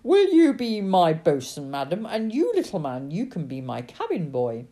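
A woman's voice: on the low side, huge pitch swings, normal speed, warm tone. A woman voicing a rosy, hearty male sea captain who roars his commands. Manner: roaring, commanding.

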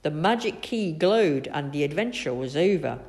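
A woman reading a children's storybook aloud, expressive and animated. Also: deep voice, normal speed. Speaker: narrator.

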